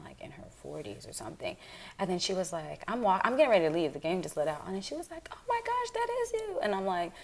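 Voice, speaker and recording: A young woman comedian talking in a casual interview, with a voice that sits a little low for a woman. She tells frank, animated stories, swears freely and laughs easily, often slipping into quick impressions of the people she quotes.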